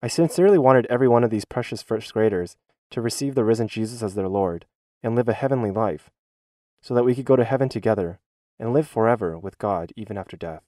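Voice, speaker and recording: A man voicing a schoolteacher's church testimony as a dubbed voice-over, in an earnest, measured reading. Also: fairly low pitch, dark tone, no room sound, studio quality.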